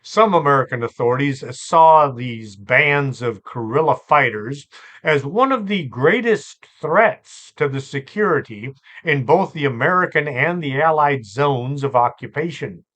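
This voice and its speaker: A man hosting a storytelling show, relaxed and chatty, with asides and fillers. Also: medium pitch, unhurried. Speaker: host and storyteller. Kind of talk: conversational storytelling podcast.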